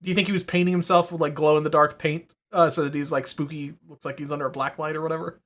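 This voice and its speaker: A man's voice: a little high, level tone, fast talker, a bit bright. Rambling, swearing man on a podcast. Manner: rambling, profane, many fillers and restarts. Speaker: podcast co-host. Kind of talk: casual chat.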